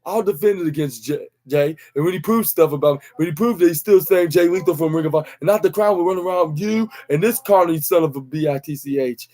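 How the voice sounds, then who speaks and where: A man's voice: on the high side, fast talker, few pauses, dark tone. A young man hosting a podcast, recapping a wrestling show in a rambling, casual way, full of fillers and restarts and acting out the lines he quotes. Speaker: podcast host.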